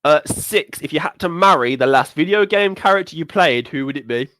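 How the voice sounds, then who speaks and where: A young man banters on a gaming podcast, teasing and blunt. His pitch swoops widely, dropping to mutters and then bursting out louder. The mic is close and dry. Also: lively intonation, fairly quick, dry recording. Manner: teasing, blunt, swings between mutters and loud outbursts. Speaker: podcast co-host. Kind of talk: casual chat.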